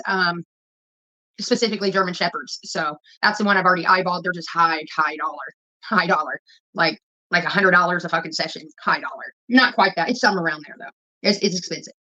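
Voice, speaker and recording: Fast-talking, profane woman ranting. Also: mid-range voice, sharp tone. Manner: profane, blunt, rambling storytelling. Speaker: vlogger. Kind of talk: casual rant to camera. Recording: dull lo-fi phone audio.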